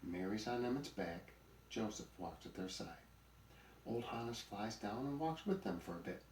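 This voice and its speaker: Low-voiced man narrating a storybook. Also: animated, normal speed, darkish tone, slight background noise. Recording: roomy recording, mic at a distance.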